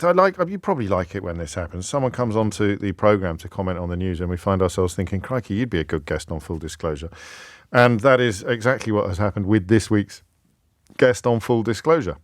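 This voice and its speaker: A man hosting a live radio phone-in, animated and wry, often restarting his sentences. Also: on the low side, fairly quick, no room sound, studio quality. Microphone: studio microphone.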